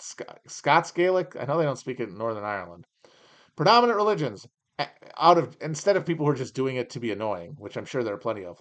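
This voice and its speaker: A man hosting a podcast, riffing in a sarcastic, profane, rambling way while he reads aloud and comments. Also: a little high. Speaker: podcast host. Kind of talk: casual comedic commentary.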